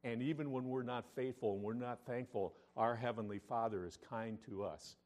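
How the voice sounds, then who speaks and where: A pastor preaching a sermon, reading scripture aloud and moving between loud emphatic lines and quiet, intimate asides. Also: male voice, medium pitch, moderate pace. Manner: reads scripture in King James wording.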